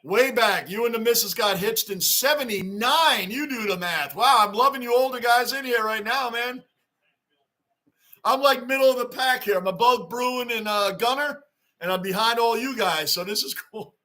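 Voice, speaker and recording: A man's voice: extremely high pitch, normal speed, pushed and bright. A middle-aged man hosting a casual livestream from his basement, reading out fan chat and repeating himself for emphasis. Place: home basement.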